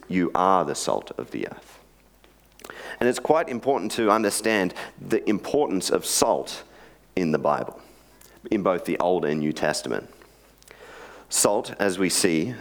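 Deep-voiced man preaching. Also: animated, measured pace. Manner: chatty storytelling with joking asides. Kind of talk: sermon.

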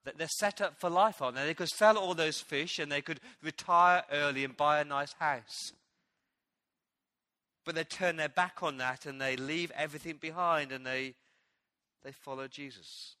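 A pastor tells a Bible story from the pulpit and jumps into the voices of its characters as he goes. His voice sits a little high and rings bright. The sound is close and dry, with almost no room echo. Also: normal speed. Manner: animated storytelling, acting out quoted lines. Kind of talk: sermon. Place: church.

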